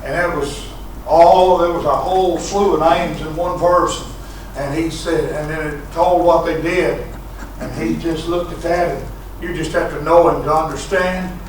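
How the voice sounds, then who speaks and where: Male pastor, high and bright, shouting sermon, picked up from afar in an echoey church. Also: steady tone, unhurried, recorded from a distance, slight background noise. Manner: shouting preacher who punctuates lines with "huh?" and "uh". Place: church sanctuary.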